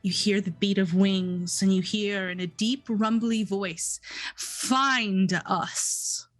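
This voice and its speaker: A woman game master narrating a dream sequence slowly and deliberately, in second person. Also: medium pitch, flat delivery, soft background music, poor audio.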